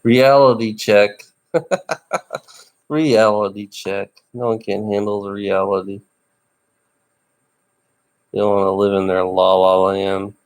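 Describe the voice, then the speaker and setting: A tired middle-aged man livestreaming alone, ranting bitterly and swearing, with rough laughs between complaints. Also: lowish voice, fairly even intonation, slow, pauses often. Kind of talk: ranting live stream monologue.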